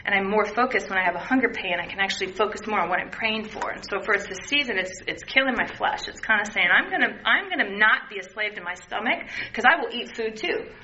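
A woman's voice: medium pitch, animated, quick pace, few pauses, sharp tone. A woman in her thirties sharing a candid personal recovery testimony, earnest, and acting out quoted voices as she talks. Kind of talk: personal testimony, casual talk. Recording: dull lo-fi sound, faint noise.

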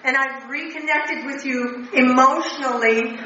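An older woman speaks with raw, blunt earnestness to a recovery meeting, her voice bright and a little high. She sits well back from the microphone, so the sound is dull and muffled. A long, heavy echo fills the big room around her. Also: unhurried. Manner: emotional, earnest, blunt with profanity. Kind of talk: personal recovery talk. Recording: distant, echoey, muffled hall recording.

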